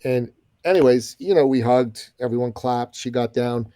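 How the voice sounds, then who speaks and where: A man's voice: medium pitch, moderate pace, dark tone, dry recording, clean studio sound. A middle-aged man guesting on a podcast, telling a story with energy, emphasis and folksy asides. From Iranian background. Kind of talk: animated storytelling.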